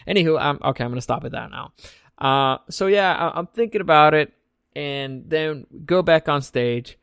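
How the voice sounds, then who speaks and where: A young man with a slightly higher-than-usual voice tells a rambling, joking recap of a night out, cursing casually as he goes. The sound is dry and close, with no room around it. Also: normal speed, vocal fry, a bit bright, clean tone, dry recording. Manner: loose and joking, swears freely. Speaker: vlog host recapping an event.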